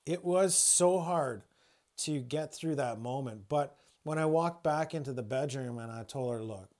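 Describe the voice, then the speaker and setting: A man's voice: fairly high pitch, a little slow, a little mellow. A man livestreaming from home, rambling and swearing freely with many restarts as he tells a personal story. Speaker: spiritual livestreamer.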